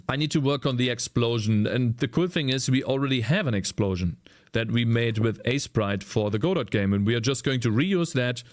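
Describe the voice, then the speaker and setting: A man's voice: medium pitch, darkish tone. A man with a German accent, a native German speaker, chatting casually with viewers during a live coding stream, rambling and searching for English words. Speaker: streamer and indie game developer.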